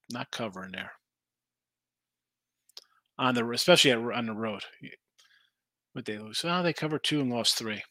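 A man's voice: medium pitch, moderate pace, long pauses, bright, forceful tone, no echo. A man hosting a late-night sports betting stream, rambling casually as he thinks aloud over the lines and answers viewers. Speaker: sports betting show host. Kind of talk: casual live-stream chat reading viewer picks.

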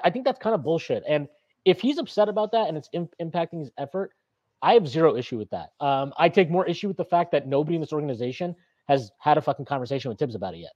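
Guy venting on a sports pod, kinda husky, slightly high voice, dry close mic, lots of restarts. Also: a little fast, no echo, dull audio. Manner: opinionated, animated, swears, frequent restarts. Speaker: podcast co-host. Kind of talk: casual sports podcast rant.

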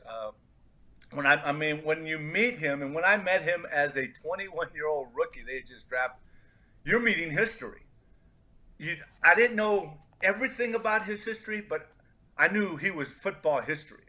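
Man, middle-aged, bright tone, slightly high voice, animated storyteller, podcast guest. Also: moderate pace. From California. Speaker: interview guest, former football player.

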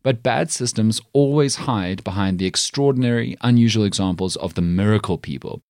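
A man's voice: on the low side, brisk, a little mellow, no room sound, clean studio sound. A man with a South African accent hosting a comedic news commentary show, talking in an emphatic, indignant way. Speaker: host.

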